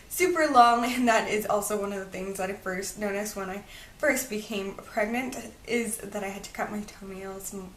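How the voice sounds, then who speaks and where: Woman, 20s, bubbly casual vlogger, somewhat high voice, distant mic. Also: fairly bright tone. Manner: bubbly and chatty, heavy use of "super duper". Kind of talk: casual vlog update. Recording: roomy, away from the mic.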